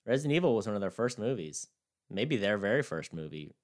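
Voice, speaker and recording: A man's voice: on the low side, very animated, fast talker. A man co-hosting a casual comedic movie chat, wry and incredulous. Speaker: podcast co-host.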